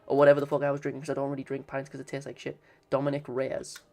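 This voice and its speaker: A man's voice: mid-range voice, completely flat delivery, very fast, vocal fry, darkish tone, faint music behind. A man streaming casually, swearing and bantering with his chat.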